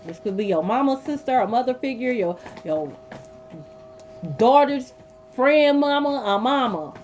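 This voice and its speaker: A woman's voice: high-pitched, lively intonation, a little slow, darkish tone. A woman giving a live tarot reading from her bed, blunt and profane, repeating her points for emphasis. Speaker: tarot reader. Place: sitting on a bed at home. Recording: dull lo-fi audio with faint hum.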